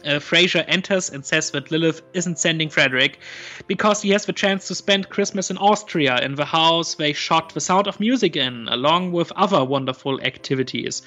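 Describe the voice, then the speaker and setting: A man walks through an episode's scenes in a relaxed chat. He pauses often with ums and restarts. His voice sits a bit high, and the recording sounds dull and lo-fi with faint music underneath. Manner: hesitant, many ums and restarts, retelling scenes. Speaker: podcast co-host recapping an episode. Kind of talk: casual chat.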